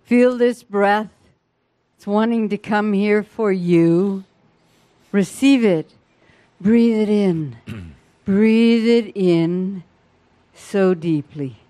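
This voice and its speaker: Very slow, mellow woman guiding breathing. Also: mid-range voice, no echo. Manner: soft, soothing, drawn-out invitations. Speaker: breathwork guide. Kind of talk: guided breathing meditation.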